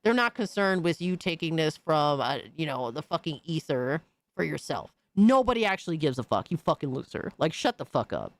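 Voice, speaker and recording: A man's voice: fairly high pitch, sing-song, brisk, dry recording. Profane, mocking male streamer. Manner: blunt, profane and mocking, with frequent slang. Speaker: streamer host. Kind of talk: casual profane rant.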